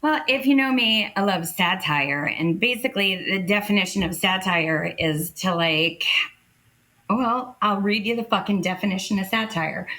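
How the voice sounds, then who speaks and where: A woman improv comedian in casual chat, telling animated stories, laughing and swearing freely. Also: medium pitch, normal speed, poor audio.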